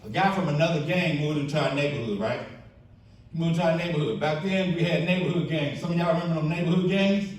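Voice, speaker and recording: Man, keynote testimony speaker, lively storyteller, higher voice, very echoey hall heard from afar. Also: fast talker, distant mic. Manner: storytelling, acts out quoted friends in animated bursts. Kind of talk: testimony speech at a banquet. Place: church banquet hall.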